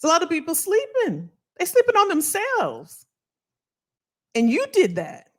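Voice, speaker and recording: A woman's voice: extremely high pitch, measured pace. A woman hosting a motivational live stream, reading viewer comments and cheering people on, repeating her phrases. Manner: animated, preachy and encouraging, repeats phrases.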